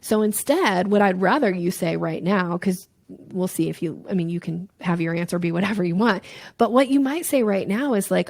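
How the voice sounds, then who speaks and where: A woman's voice: lowish voice, normal speed, vocal fry, dry recording. A woman, a sales coach, explaining her method in a conversational interview and acting out short examples in playful voices. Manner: animated, acts out little voices and examples.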